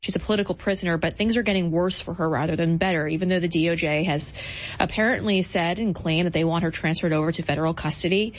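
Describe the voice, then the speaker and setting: A woman hosting a political talk show, running through the day's lineup in a brisk, emphatic and combative manner. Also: lowish voice.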